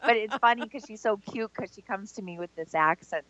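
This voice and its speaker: A Canadian woman, a psychic medium on a call-in show, gently passing on messages in quoted words. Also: medium pitch, brisk, highs cut off. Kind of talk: call-in radio reading.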